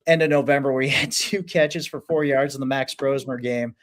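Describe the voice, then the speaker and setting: A man guesting on a sports podcast, talking casually and thinking out loud with many fillers. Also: mid-range voice, steady tone, fairly quick.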